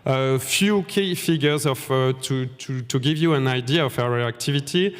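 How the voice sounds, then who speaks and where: A man's voice: mid-range voice, moderate pace. Formal male panelist in a reverberant hall. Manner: polite, formal. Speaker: panel speaker. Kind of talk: formal conference presentation. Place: windowless conference room.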